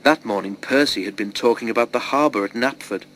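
A man narrating a children's storybook in a steady, clear reading voice. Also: medium pitch, a little fast, a little hiss or hum. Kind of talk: storybook read-aloud.

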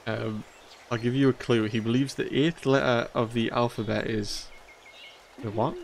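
A man's voice: mid-range voice, steady tone, normal speed, creaky, slight background noise. A man from northeast England with a Geordie-Mackem accent, chatting casually while streaming a game. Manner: rambling, chatty, laughs often. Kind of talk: casual gameplay commentary.

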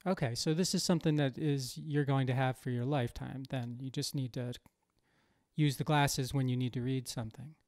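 An American man hosts a podcast interview, asking long, rambling questions full of "uh" and "you know". His voice sits at a middle pitch and sounds close and dry, with no room echo. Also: fairly even intonation, moderate pace, a little mellow. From United States. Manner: rambling, enthusiastic questions with fillers. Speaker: podcast host. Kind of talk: casual interview talk.

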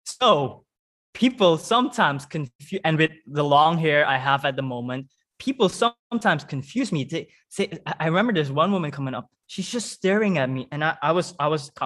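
Higher-voiced man from Suriname. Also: normal speed. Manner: expressive, laughs easily while telling stories. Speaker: guest. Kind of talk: casual conversational storytelling.

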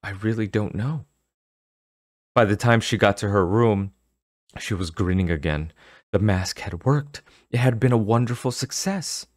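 A man narrating an audiobook in an expressive, dramatic storytelling manner. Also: on the low side, normal speed, dry recording, clean studio sound.

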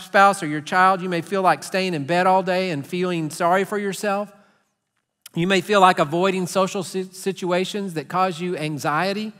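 A man's voice: high voice, bright, forceful tone. A middle-aged man with a Texan accent preaching a sermon as pastor, earnest and conversational, sometimes acting out voices for humor. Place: large church sanctuary. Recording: long hall reverb.

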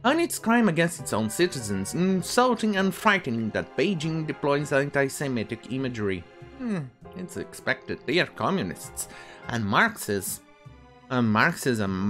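A man reads out news stories on his own commentary channel and keeps cutting in with crude, contemptuous remarks. His pitch swings widely from line to line in a lively rant. Faint music plays underneath. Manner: profane, scornful asides while reading news aloud.

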